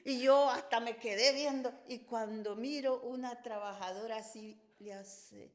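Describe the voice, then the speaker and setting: An older woman, the host's mother and a guest on the podcast, telling embarrassing stories in a lively, confessional way. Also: a little high, normal speed. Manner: animated, confessional anecdote telling. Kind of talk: casual storytelling chat.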